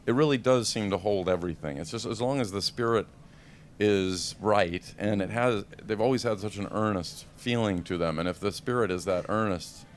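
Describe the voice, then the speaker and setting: Low-voiced man, self-deprecating. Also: moderate pace, a little hiss or hum. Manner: self-deprecating, laughing often. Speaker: actor guest. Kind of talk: press event Q&A.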